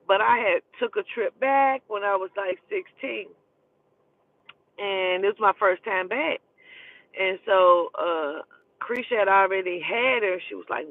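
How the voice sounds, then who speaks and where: A man from Oklahoma telling animated, profane stories in a casual way, often calling the listener "child". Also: high-pitched, no echo. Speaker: storyteller. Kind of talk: casual storytelling. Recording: dry tinny phone-like sound.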